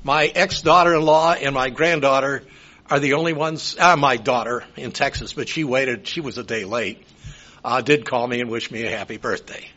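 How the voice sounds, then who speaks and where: A man's voice: medium pitch, normal speed, sharp tone. A man, preaching a sermon in a folksy, rambling way with personal asides. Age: 70s. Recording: dull lo-fi sound.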